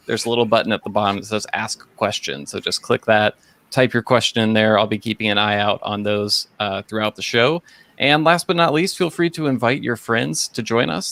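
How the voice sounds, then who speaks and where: Brief: male producer, stream opener, clear instructions, upbeat. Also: lowish voice, fairly bright tone, no echo, poor audio. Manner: friendly, instructive. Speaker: event producer. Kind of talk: live-stream introduction.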